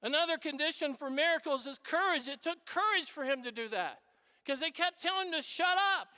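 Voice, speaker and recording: A man, a Catholic priest, giving an animated, conversational homily in a church, with frequent asides to the congregation. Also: very high-pitched, brisk. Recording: echoey church reverb.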